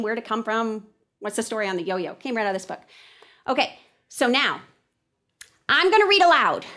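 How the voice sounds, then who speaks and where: Woman teacher, higher voice, lively and expressive, demonstrating how to think aloud while reading. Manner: animated, switching between reading aloud and thinking aloud. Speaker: teacher trainer. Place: classroom with an audience.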